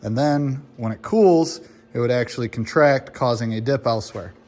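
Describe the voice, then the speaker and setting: A hoarse young man filming on his phone in a garage, casually explaining his work step by step and swearing now and then. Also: medium pitch, normal speed, darkish tone. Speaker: car builder explaining his project. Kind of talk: casual how-to narration.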